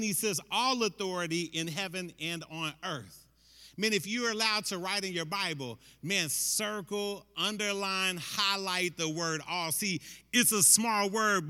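A man's voice: sits high, sharp tone, in a large hall. A man preaching a sermon in a conversational, emphatic way, often tossing in "man" as he drives a point home.

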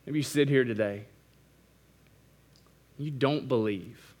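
A male pastor preaching a sermon, moving between quiet intimate passages and loud emphatic climaxes, with repetitive preaching cadence. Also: medium pitch, slow.

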